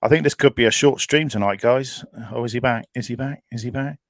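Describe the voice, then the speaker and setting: Man, casual stream chat, gravelly voice, dry close sound, laughs often. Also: mid-range voice, steady tone, brisk, no echo. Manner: chatty, laughs often, greets chat viewers. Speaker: live stream co-host.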